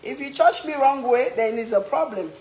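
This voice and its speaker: A woman's voice: high voice, moderate pace, low-quality recording. A woman hosting a cooking live stream from a home kitchen, chatting with viewers as she reads their comments and teases them while she cooks. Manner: animated, teasing, exclaims often. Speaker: cooking vlog host.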